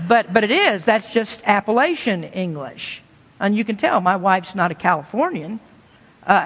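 A man's voice: sits high, fairly bright tone. Man, pastor, folksy conversational sermon, long church reverb. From Kentucky, USA. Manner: folksy, conversational preaching with homespun asides.

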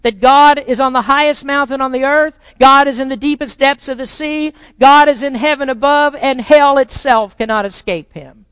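A pastor preaching a sermon to a congregation, swinging between loud proclaiming and quiet, probing rhetorical questions. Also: sits high, fairly even intonation, normal speed, hardly any pauses. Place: church sanctuary with a congregation. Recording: long reverb of a large church hall.

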